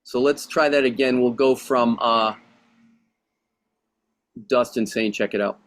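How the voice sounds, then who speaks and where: A man giving calm, explanatory notes to actors at a rehearsal. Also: medium pitch, measured pace.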